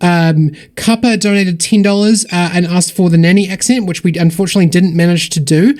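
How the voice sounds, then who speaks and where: A man with a slightly high voice hosts a charity stream and reads out donors one after another. His delivery is upbeat and rambling, and he keeps thanking people. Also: fairly even intonation, a little fast, darkish tone. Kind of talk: casual livestream donation shout-outs.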